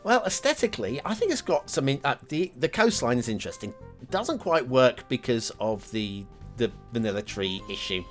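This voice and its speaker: Chatty man with a lively, rambling delivery. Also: medium pitch, moderate pace, soft background music. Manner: chatty, rambling, many fillers and self-deprecating asides. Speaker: show host reviewing game maps. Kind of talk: casual commentary over gameplay.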